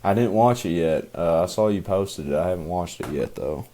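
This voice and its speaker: A man's voice: low voice, animated, normal speed, mellow, a little hiss or hum. A young man co-hosting a podcast, talking casually in a rambling way with many fillers and restarts. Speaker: podcast co-host. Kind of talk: casual chat.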